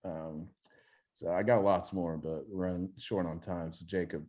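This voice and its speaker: A man's voice: low-pitched, moderate pace, dull audio. Young man telling stories casually. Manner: animated storyteller, swears freely. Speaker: podcast co-host. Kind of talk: casual chat.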